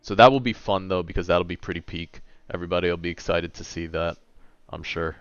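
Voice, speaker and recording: A man's voice: low voice, fairly even intonation, brisk, smooth, no room sound, lo-fi sound. A man in his late twenties chatting casually and a little tiredly on a gaming livestream, reading and answering chat. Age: late 20s. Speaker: gaming streamer.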